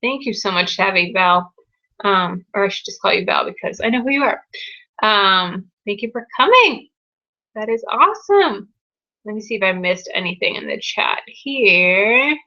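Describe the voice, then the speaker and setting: A young woman hosting a casual live Q&A, chatting warmly and gushing with excitement over viewers' news. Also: medium pitch, normal speed, lo-fi sound. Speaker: live Q&A host. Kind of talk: casual live-stream chat.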